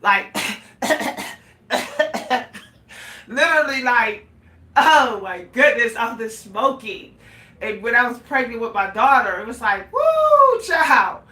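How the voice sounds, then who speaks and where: High, bright-voiced woman vlogger, echoey room. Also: slow, long pauses. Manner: animated, laughing, exclaiming, addresses viewers as y'all. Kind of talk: casual monologue to viewers. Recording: echoey room, voice a bit far from the mic.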